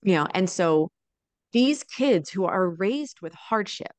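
The recording is dry, and the woman speaks slowly in a mid-range voice. She's a guest in her thirties, mother to four children and living abroad, who tells family stories animatedly during a casual interview, regularly slipping in "right?".

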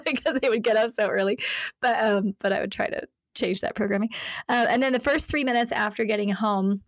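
A woman speaking as a podcast guest, telling stories with an animated, playful delivery and frequent laughter. She acts out quoted phrases in different voices. The sound is dry and close. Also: medium pitch, brisk, no echo. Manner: laughs often while talking. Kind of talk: casual interview chat.

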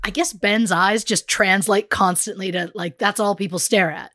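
A woman's voice: medium pitch, fairly even intonation, moderate pace, fairly bright tone, no room sound. Playful woman on a dry mic. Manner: playful, teasing, swears, laughs a lot. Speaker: podcast co-host. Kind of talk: casual chat.

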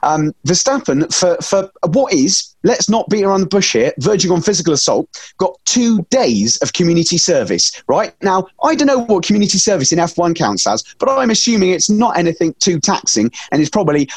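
A man co-hosting a casual podcast, telling stories with lively emphasis and slipping into comic put-on voices. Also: a little high, a little fast, husky, no echo. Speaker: podcast co-host.

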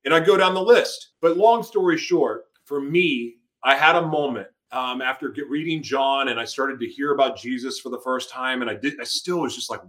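Middle-aged guy telling his story, gets really emotional, acts out his past yelling. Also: fairly high pitch, expressive, fairly quick, hardly any pauses. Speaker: guest, author. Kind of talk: personal testimony in an interview.

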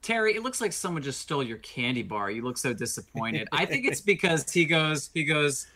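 A man co-hosting a sports podcast, telling stories in a joking, animated way. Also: fairly high pitch, fairly quick. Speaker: podcast co-host. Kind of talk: casual sports talk.

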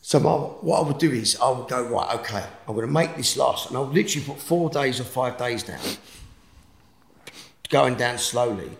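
Gravelly Essex man telling his story. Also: mid-range voice, normal speed, roomy sound, slight background noise. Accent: Essex English. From England. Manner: animated, rising to shouts in retold quotes, dropping to hushed tones. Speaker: guest. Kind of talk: emotional personal storytelling.

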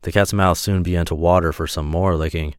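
A man with a low voice reads a fairy tale aloud as a podcast host, relaxed and friendly. The recording is very dry and close, with no room sound. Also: a little fast, no echo.

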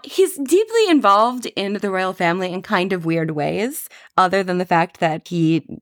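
A woman's voice: fairly low pitch, no room sound, clean studio sound. A woman co-hosting a casual podcast chat, reading out quotes with wry, playful commentary. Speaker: podcast co-host. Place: Paris.

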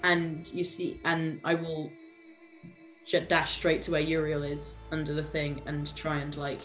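British female player, slightly low pitch, animated and laughing over faint music. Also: measured pace, poor audio. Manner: animated, laughing as she describes her moves. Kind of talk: playing a tabletop game.

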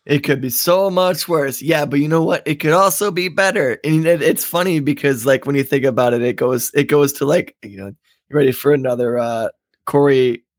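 A man's voice: medium pitch, fairly quick, no room sound, clean studio sound. Laid-back, storytelling podcast man. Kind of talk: casual podcast chat.

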